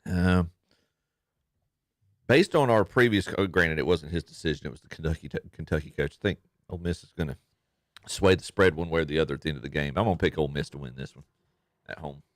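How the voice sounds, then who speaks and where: A man on a sports talk panel, giving his picks in a deliberate, halting way. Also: rumbling low, no room sound, studio quality. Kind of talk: casual sports radio banter.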